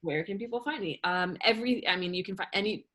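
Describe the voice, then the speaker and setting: A woman talking as an interview guest, rambling and animated, with many fillers and restarts. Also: mid-range voice, fast, crowd noise. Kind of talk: casual interview chat.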